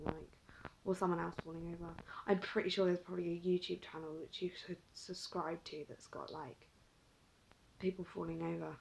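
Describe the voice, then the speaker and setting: A woman's voice: on the low side, gravelly, a little hiss or hum, low-quality recording. A young woman vlogging to camera, chatty and giggly, telling a story with lots of "like".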